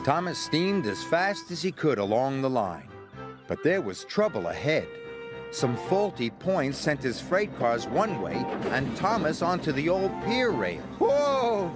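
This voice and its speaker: A man narrating a children's train story in an expressive, measured storybook style. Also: medium pitch. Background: music.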